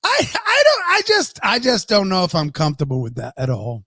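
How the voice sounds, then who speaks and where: A man's voice: high voice, huge pitch swings, brisk, bright, forceful tone, no room sound, studio quality. A man co-hosting a casual live-stream podcast, ranting and swearing freely. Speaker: podcast co-host.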